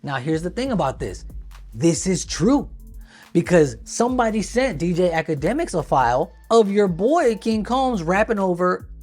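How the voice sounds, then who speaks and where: A woman's voice: fairly low pitch, expressive, normal speed, a little mellow, soft background music. A woman giving casual commentary as she reads a court document aloud, adding sarcastic asides and jokes. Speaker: online commentator.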